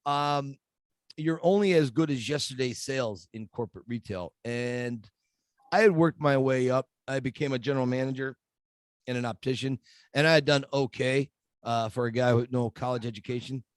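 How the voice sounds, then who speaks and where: A middle-aged man, a guest in a podcast interview, telling stories in a lively way and acting out the voices of people he quotes. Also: medium pitch, moderate pace, clean tone, no echo.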